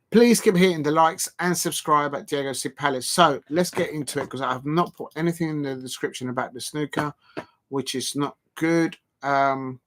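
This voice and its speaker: Rambling man, slightly high voice. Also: a bit bright. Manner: rambling, jokey, prone to mock moaning. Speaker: live-stream host. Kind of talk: casual live-stream chat.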